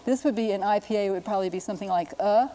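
Mellow-voiced woman teaching phonetics. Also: medium pitch, fairly even intonation, poor audio. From United States. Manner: explanatory, brisk, demonstrating sounds aloud. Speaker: linguist presenter. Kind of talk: televised linguistics lesson.

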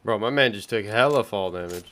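A young man streaming live gameplay, excitable and trash-talking as he taunts his opponents. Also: on the low side, fairly quick, a little hiss or hum.

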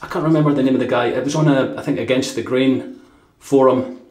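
A man's voice: mid-range voice, steady tone, quick pace, background noise. A Scottish man from Dundee chatting casually through a product review, rambling with fillers and chuckles. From Dundee, Scotland. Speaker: shaving vlogger. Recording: echoey room.

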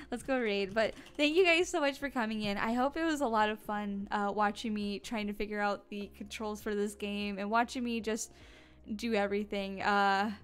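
A woman's voice: medium pitch, smooth. A tired woman streamer chatting casually on a desk mic, giggly and rambling. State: sleepy and tired. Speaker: live streamer. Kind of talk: casual live-stream chat.

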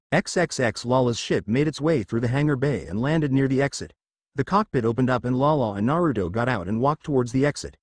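Male storyteller reading fan fiction, animated, dry close sound. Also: medium pitch, normal speed, no room sound. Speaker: narrator.

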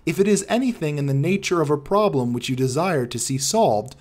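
A man reading the part of a calm, kindly Victorian doctor with a firm, brisk bedside manner in an audiobook. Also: on the high side. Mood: urgent.

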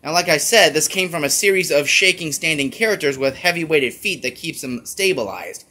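Chatty male YouTuber, rambling casual toy review, slightly high voice. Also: expressive, brisk, pushed and bright.

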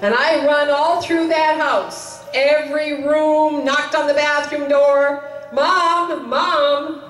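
A woman's voice: high voice, steady tone, slow pace. Earnest woman preaching in an echoey chapel. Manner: earnest, repeats key lines for emphasis. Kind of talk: sermon. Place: chapel hall. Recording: roomy, distant mic, faint noise.

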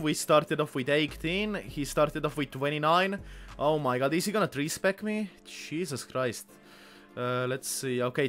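A man giving excitable live gameplay commentary, swearing often and calling his viewers boys. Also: fairly high pitch. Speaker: gaming youtuber.

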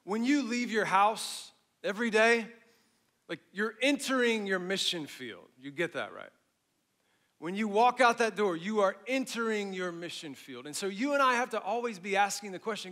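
A bright, fairly high-voiced middle-aged man preaches to his congregation. He swells in emphasis, then falls soft at the ends of phrases, with easy conversational asides between points. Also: normal speed. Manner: animated preaching, rising in emphasis and dropping to a hush at phrase ends. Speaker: pastor. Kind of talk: sermon.

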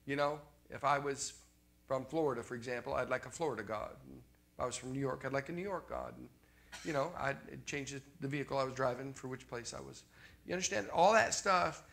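A man from Canada preaching to a congregation in a bright, forceful voice. He talks conversationally, repeats key lines and keeps asking the crowd whether they follow. His voice sits a touch higher than most men's. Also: creaky. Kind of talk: sermon.

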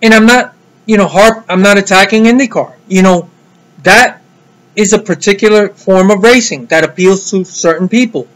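A man's voice: high-pitched, moderate pace, a bit bright, low-quality recording. A man giving a heated, blunt solo rant about motor racing, swearing freely. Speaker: motorsport commentator vlogger.

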